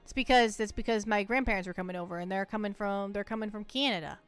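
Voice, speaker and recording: Talking fast in a medium-pitched voice, an American woman livestreams a game with playful, teasing chatter, frequently repeating words. Faint music plays in the background.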